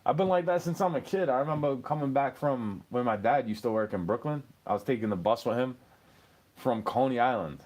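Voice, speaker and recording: A man in his thirties hosts a podcast, rambling casually through stories in a monologue, swearing freely and laughing at his own jokes. His mid-range voice runs a little fast with a darkish tone.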